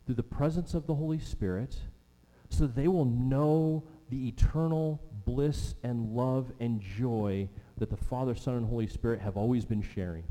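A man's voice: mid-range voice, dark tone. Man preaching in a reverberant hall. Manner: emphatic, repeats key phrases, slows down for weight. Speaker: pastor. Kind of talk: sermon. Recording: long reverb of a large hall.

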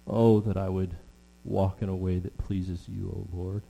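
A middle-aged man preaching a sermon with earnest, drawn-out emphasis and frequent fillers. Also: deep voice, flat delivery, vocal fry, warm tone. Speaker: pastor. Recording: long hall reverb with mains hum.

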